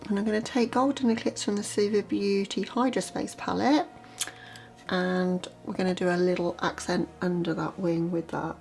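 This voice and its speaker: A woman vlogger talking through a makeup look step by step in a relaxed, chatty way. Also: lowish voice, normal speed. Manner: chatty, relaxed, explains as she works. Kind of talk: makeup tutorial narration.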